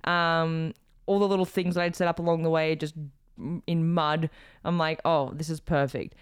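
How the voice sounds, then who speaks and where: Storyteller: woman, smooth resonant voice, expressive, close dry recording. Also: low-pitched, normal speed, no room sound. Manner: expressive, quotes people, frequent laughs. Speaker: storyteller recounting a proposal she planned. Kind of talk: casual chat.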